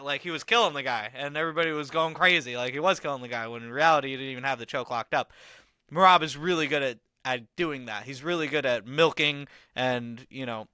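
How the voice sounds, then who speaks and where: A man talks through a fight on his own podcast, rambling with plenty of fillers and casual slang. His voice is bright and crisp, and it sits close and dry on the mic with no room sound around it. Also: on the high side, no room sound. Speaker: podcast host. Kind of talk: casual fight analysis monologue.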